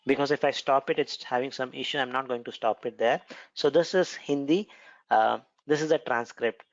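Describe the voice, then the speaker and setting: A man's voice: medium pitch, normal speed, dry recording, highs cut off. Indian-accented man giving a tech lecture. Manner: explanatory, repeats and self-corrects often. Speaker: instructor. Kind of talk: technical lecture with screen demo.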